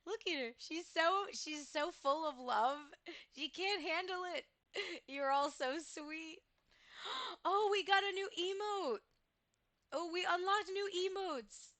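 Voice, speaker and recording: A woman's voice: very high-pitched, slow, fairly bright tone, dry recording. A woman streamer chatting casually while gaming, gushing, giggling and exclaiming often.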